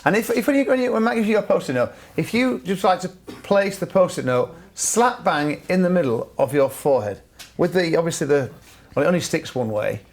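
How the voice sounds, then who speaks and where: A man's voice: high voice, big pitch swings, a little fast. A man hosting a live business event in front of an audience, with dry teasing asides. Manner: dry teasing asides, frequent brief agreements. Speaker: host. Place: conference room with audience.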